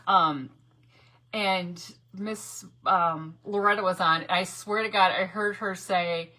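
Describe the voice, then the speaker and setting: A woman's voice: on the low side, steady tone, slow, pushed and bright. A woman hosting a casual live crafting stream, chatty and laughing often as she greets viewers by name. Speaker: craft livestream host.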